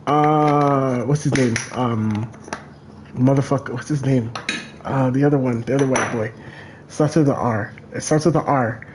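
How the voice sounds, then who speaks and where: Chatting casually over a game, a man with a mid-range voice rambles unhurriedly through stories, swearing heavily and repeating phrases. Background noise can be heard.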